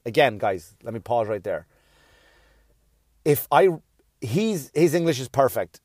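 A man's voice: mid-range voice, big pitch swings, unhurried, long pauses, darkish tone, dry recording, studio quality. Rambling, swearing podcast host man. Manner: rambling, swears freely, self-deprecating. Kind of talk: casual podcast monologue.

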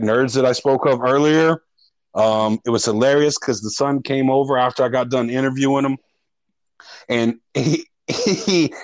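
A man's voice: mid-range voice, no echo, poor audio. Rambling, cussing podcast guy. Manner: rambling, profane, restarts often. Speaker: podcast co-host. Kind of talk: casual storytelling chat.

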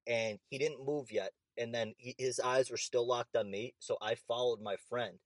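A young man telling an animated, profane story in casual chat. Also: medium pitch, normal speed, no echo.

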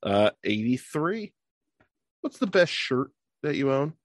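Lively, playful male interview host. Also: mid-range voice, slow, dry recording, studio quality. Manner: playful, upbeat, jokey reactions. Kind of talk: rapid-fire question interview. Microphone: video call.

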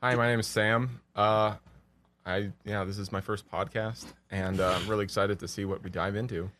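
A man's voice: fairly low pitch, steady tone, normal speed, a bit bright, slight background noise. A man co-hosting a casual podcast, talking in a playful, joking way and teasing the host.

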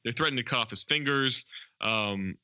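Bright-voiced man rambling through a plot recap. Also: mid-range voice, a little fast, no echo. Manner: rambling scene-by-scene retelling with many fillers. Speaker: podcast co-host. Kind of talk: casual movie recap chat.

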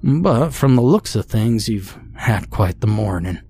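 A man's voice: on the low side, lively intonation, a little slow, darkish tone, breathy edge, dry recording, faint music behind, full character voice. A man voicing an older male farmer neighbor in a storybook horror tale. He talks in a folksy drawl, friendly but stern.

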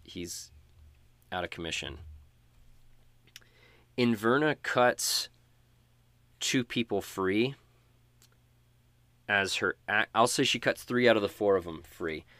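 A man narrating and running a tabletop game as game master in a relaxed, casual way. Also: fairly low pitch, takes it slowly, pauses often, dry recording.

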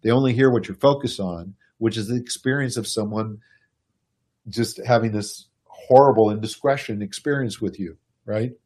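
A man giving a casual, animated explanation to a listener, chuckling and speaking to them directly. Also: lowish voice, moderate pace. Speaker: speaker explaining personality types.

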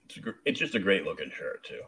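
Male podcast host, lowish bright voice, supportive, recaps what the guest says. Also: sing-song, fast talker, creaky. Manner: supportive, sums up the guest's points. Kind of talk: casual podcast chat.

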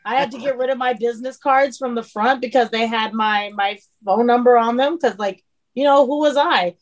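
A woman chef chatting on a podcast, animated, acting out the people in her stories. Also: a little high, moderate pace. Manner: animated storyteller, acts out quotes. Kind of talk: casual chat.

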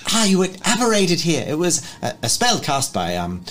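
A man's voice: fairly high pitch, huge pitch swings, normal speed, a bit bright, voice pushed up. A man voicing a polite, eager young boy wizard who sounds friendly and concerned.

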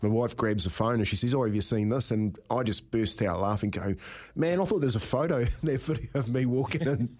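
A man's voice: medium pitch, fairly quick. A middle-aged man hosting breakfast radio, telling rambling stories and laughing often. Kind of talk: casual radio banter.

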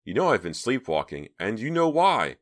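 Male narrator playing a panicky teenage girl, voice pushed higher, wide swings. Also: big pitch swings, moderate pace, a bit bright. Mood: distressed. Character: anxious frightened teenage girl.

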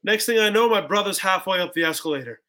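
A young man telling a story on a podcast, casual and animated, acting out what people said with lots of "like" and "bro". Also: sits high, fast. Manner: animated, acts out quotes, heavy "like" and "bro". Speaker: podcast guest.

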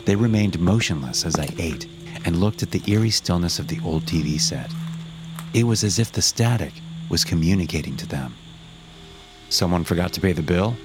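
A man narrating a first-person horror story with a measured, dramatic delivery. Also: low-pitched, background noise. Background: music.

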